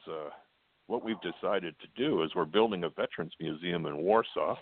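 Older american guy, deep gravelly voice, telling a story over a tinny phone line. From United States. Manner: plainspoken, with fillers and quoted dialogue. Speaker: guest.

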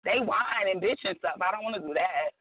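A guest author, a woman, speaks on a radio chat show in a blunt, emphatic, outspoken way, using plenty of slang. Her voice sits in the mid-range and moves briskly. The audio is dry and comes through a tinny phone line.

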